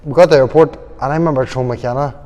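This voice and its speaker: A man's voice: mid-range voice, steady tone, racing, a little mellow. A young man with a Northern Irish accent, a boxer telling rambling stories with laughs in a casual interview. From Northern Ireland. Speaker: boxer guest. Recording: long hall reverb.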